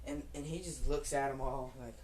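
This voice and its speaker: Low-voiced woman rambling a profane story. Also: steady tone, moderate pace, darkish tone, a little hiss or hum, low-quality recording. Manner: rambling, profane, frequent restarts; defiant outbursts at critics. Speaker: fan story narrator. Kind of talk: improvised casual storytelling.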